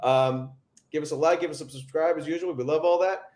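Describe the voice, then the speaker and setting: A man's voice: on the high side, fairly even intonation, fairly quick, darkish tone, reverberant. A man hosting a casual film podcast chat, rambling with many fillers and restarts. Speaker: podcast host.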